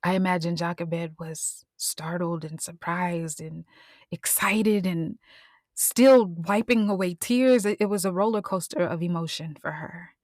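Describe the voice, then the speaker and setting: A woman host retelling a Bible story in a casual, expressive way, often dropping into a whisper. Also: fairly low pitch, unhurried, dry recording, studio quality. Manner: expressive, drops into whispers and voices.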